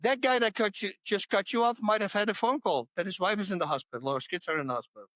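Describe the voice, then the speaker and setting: A man's voice: high voice, fast, pushed and bright, no echo. A man talking as a podcast guest in a casual interview about faith, pressing his points home with repetition. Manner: emphatic, repeats points to hammer them home.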